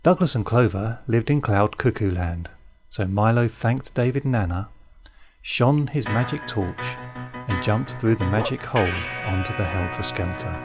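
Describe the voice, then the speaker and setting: A man reading a children's story aloud in an expressive way. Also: fairly low pitch, moderate pace, music in the background. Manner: warm, expressive read-aloud.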